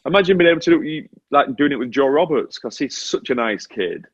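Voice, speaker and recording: Here the ex-motorcycle racer, a British man in his forties, talks fairly quickly in a husky, medium-pitched voice. He is an animated, self-deprecating interview guest on a remote link, with a British English accent. The recording is dry and dull.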